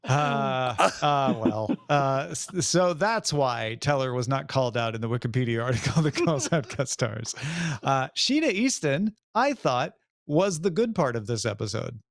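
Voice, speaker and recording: A man's voice: mid-range voice, lively intonation, measured pace, no echo, studio quality. A man co-hosting a podcast, chatting casually about a TV episode and recounting his reactions. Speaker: podcast co-host. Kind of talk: casual chat.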